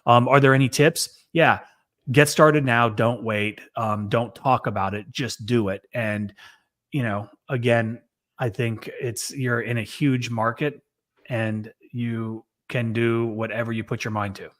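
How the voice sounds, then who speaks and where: An earnest man co-hosts a casual business podcast, talking through advice in a steady way. His voice sits at a middle pitch for a man. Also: measured pace. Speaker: co-host, business coach.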